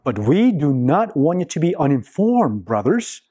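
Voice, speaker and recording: A man preaching a sermon to his congregation in a church, slow and emphatic, with long pauses between phrases. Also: fairly high pitch, big pitch swings, dark tone, breathy edge. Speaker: pastor. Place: church sanctuary.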